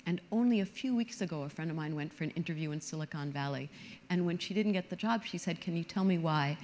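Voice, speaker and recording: Mellow-voiced woman giving a conference talk. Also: on the low side, fast, a little hiss or hum. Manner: earnest, explanatory, emphatic. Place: stage before an audience.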